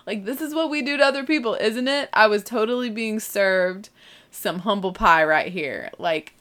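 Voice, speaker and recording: A woman's voice: medium pitch, moderate pace, fairly bright tone. A young woman with a mild Southern American accent, telling a funny story casually, full of "like" and "you know". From southern United States. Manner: chatty, lots of "like" and "you know", self-mocking. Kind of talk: casual anecdote.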